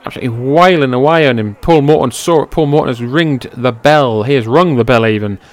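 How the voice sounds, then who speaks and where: A man giving amateur play-by-play commentary on a wrestling match, shifting from low, offhand calling to loud, high-pitched outbursts laced with swearing, into his own microphone. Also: a little fast. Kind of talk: amateur play-by-play commentary over old footage. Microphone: personal microphone.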